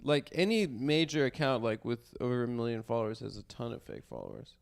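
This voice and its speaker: A man with a gravelly, fry-heavy voice, co-hosting a comedy podcast. He rambles in hesitant, mumbled asides and trails off mid-thought. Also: medium pitch, big pitch swings, a little fast. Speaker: podcast co-host. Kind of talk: casual comedic banter.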